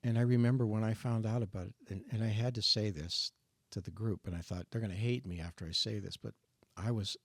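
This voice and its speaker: An older man in his sixties shares his personal testimony in a faith discussion, earnest and reflective, halting now and then to restart a thought. His low voice carries a gravelly edge. The recording is dry and close, with little room sound. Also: no echo. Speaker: guest sharing his testimony.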